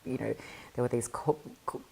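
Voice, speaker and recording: A woman's voice: moderate pace, dark tone. A woman guest in a podcast interview, telling her story in an earnest, reflective conversational way. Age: adult mother. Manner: reflective, earnest, many fillers.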